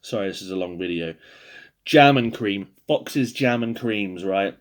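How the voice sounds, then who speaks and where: A podcast host ranking biscuits talks casually to camera in a solo video, his fairly low voice animated but a little slow. Tired and yawning, he rambles, swears, and cracks self-deprecating jokes.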